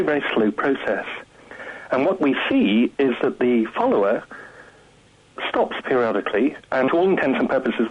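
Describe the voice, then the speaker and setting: A man, a guest scientist, explaining his research in a measured way on a radio phone-in. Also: mid-range voice, breathy edge. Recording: muffled phone line.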